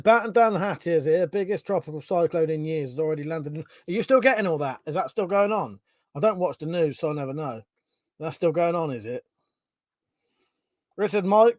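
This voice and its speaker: Chatty, sweary British streamer. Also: male voice, sits high, no room sound. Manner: chatty, sarcastic, swears freely; reads out viewer comments. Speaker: livestream host. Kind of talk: casual live-stream chat.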